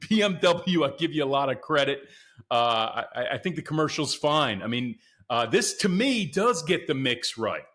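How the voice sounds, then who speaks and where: A man hosting a podcast, talking in a casual and excitable way and often calling out to his listeners as guys. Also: fairly high pitch. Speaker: podcast host. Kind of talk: casual solo commentary.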